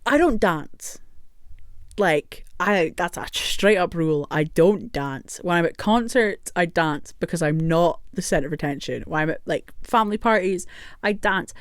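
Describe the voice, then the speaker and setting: A woman tells a story straight to camera, chatty and rambling, with plenty of swearing. Her voice sits on the lower side. The sound is close and dry, with no room around it. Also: expressive, a little slow, no echo. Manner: chatty and rambling, swears freely, laughs often. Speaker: vlogger telling a story. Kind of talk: casual storytime monologue.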